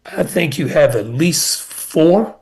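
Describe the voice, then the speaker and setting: A man's voice: fairly high pitch, lively intonation, slow, a little mellow. A middle-aged man, a former basketball coach, telling stories earnestly on a sports radio show and repeating key points for emphasis. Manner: earnest storytelling with emphatic repetition. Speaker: former college basketball assistant coach, guest.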